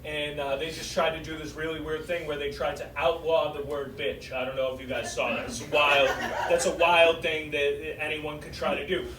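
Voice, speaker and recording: Young male stand-up, Massachusetts accent, brash and animated, voice sits high, roomy stage sound. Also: moderate pace, few pauses. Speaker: stand-up comedian. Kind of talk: stand-up set. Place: comedy club stage. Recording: roomy club sound from far off with audience noise. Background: audience laughter.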